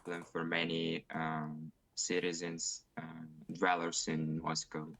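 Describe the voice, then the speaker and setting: A man's voice: extremely low pitch, completely flat delivery, creaky, fairly bright tone. A man with a Russian accent answering speaking exam questions over a video call, hesitant and full of fillers. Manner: hesitant, many fillers and pauses. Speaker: IELTS test candidate.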